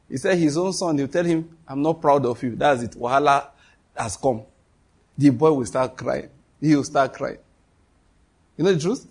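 A middle-aged man, preaching a sermon to a congregation and leading call-and-response, animated and quick to laugh. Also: mid-range voice, breathy edge. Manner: animated, laughs often, shifts to quoted voices. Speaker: pastor. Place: church hall before a congregation.

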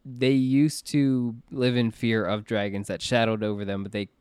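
Clear-voiced man hosting a podcast. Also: medium pitch, flat delivery, moderate pace, darkish tone, no echo, clean studio sound. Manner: rambling, restarts often. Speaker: podcast host. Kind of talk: casual podcast chat.

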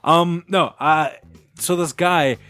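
A man's voice: on the high side, slow pace, a bit bright, dry recording, soft background music. A man hosting a casual podcast, telling a long story with laughs and acted-out quotes. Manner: rambling, laughing, acts out quotes. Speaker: podcast host.

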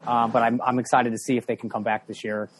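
A man's voice: mid-range voice, flat delivery, fast, slight background noise. Eager, upbeat male host. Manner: eager, upbeat, with frequent laughs. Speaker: podcast host. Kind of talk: casual chat.

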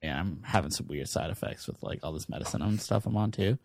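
A man's voice: deep voice, lively intonation, fast talker, vocal fry, no room sound. A man guesting on a podcast, rambling and joking in casual chat with lots of filler words.

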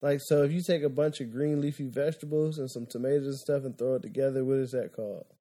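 A man in casual podcast banter, his voice mellow and dark. He talks in a laid-back way and teases his co-host with jokes. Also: mid-range voice, fairly even intonation, fast talker. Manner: teasing, laid-back, joking.

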